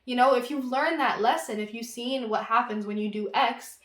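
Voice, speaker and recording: A woman giving an intuitive tarot reading, talking in a gentle, reassuring and casual way with lots of fillers. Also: a little high, normal speed, reverberant. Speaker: tarot reader.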